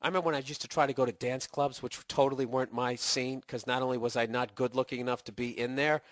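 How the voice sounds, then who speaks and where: A man's voice: mid-range voice, fairly even intonation, fast talker, no room sound. A middle-aged man with a Boston accent hosting a podcast, ranting in a profane, sarcastic comedic monologue. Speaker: podcast host.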